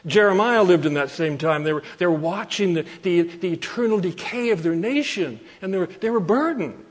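A man preaching a sermon from Canada, earnest and repeating phrases for emphasis, slowing down to quote scripture. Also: high-pitched, expressive.

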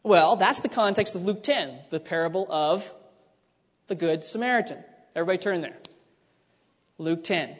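A man's voice: sits high, normal speed, long pauses. A man preaching a conversational sermon, teaching with frequent restarts and asides. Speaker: pastor. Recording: long hall reverb.

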